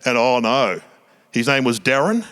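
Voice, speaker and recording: A man's voice: medium pitch, expressive, fairly bright tone, clear, resonant tone. A middle-aged Australian man doing stand-up comedy, telling chatty, self-mocking stories on a theatre stage. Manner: chatty, self-mocking anecdotes with quick voiced asides. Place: small theatre stage before a live audience.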